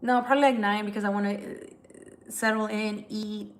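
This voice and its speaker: A woman's voice: mid-range voice, level tone, moderate pace. Tired, candid woman chatting on a livestream. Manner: candid, emotional, chatty, swears casually. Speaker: tarot reader. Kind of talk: casual livestream chat with viewers.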